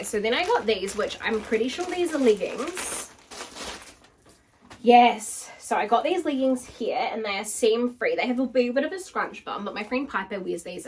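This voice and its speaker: Brief: young woman vlogger, bubbly and chatty, a touch high, recorded from across the room. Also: recorded from a distance, slight background noise. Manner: bubbly, gushing, full of "like". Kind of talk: casual try-on haul chat.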